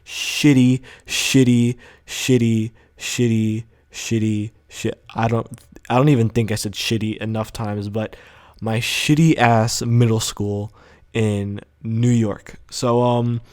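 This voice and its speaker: A man's voice: lowish voice, a little slow. A young man telling a story from school in a casual vlog, full of fillers and swearing. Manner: rambling, profane, animated storytelling with many fillers. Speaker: vlogger.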